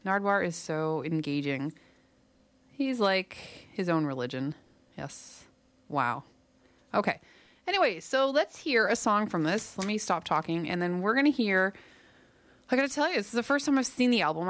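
A young woman hosts a campus radio show, chatting loosely between songs and laughing at her own slips. Her voice is on the low side with a gravelly edge. She sounds a little out of breath, close on a dry studio microphone. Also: no echo. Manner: chatty and rambling, self-correcting, laughing at herself. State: slightly out of breath. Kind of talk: casual on-air chat between songs.

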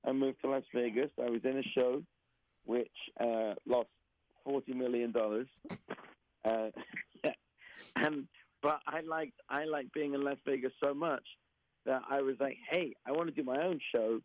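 Deadpan man with a Southeast London accent. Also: mid-range voice, measured pace, pauses often, muffled recording. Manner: dry, deadpan humor. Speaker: guest performer. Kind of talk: casual interview chat.

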